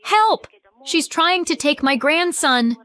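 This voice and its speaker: A woman voicing a frightened grandmother shouting for help in a narrated story. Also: high-pitched, animated, slow pace, voice pushed up, full character voice. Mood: panicked. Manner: shouting, panicked.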